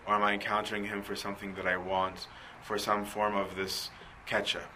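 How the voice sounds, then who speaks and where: A man's voice: lowish voice, level tone, a little fast, sharp tone, slight background noise, low-quality recording. A man giving a conversational sermon, full of rhetorical questions and asides. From Coptic Christian community. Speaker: preacher.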